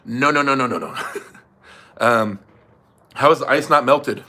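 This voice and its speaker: A man's voice: medium pitch, unhurried, pauses often, pushed and bright, slight background noise. A young man hosting a livestream, reading super chats in loose casual chat, swearing and laughing often.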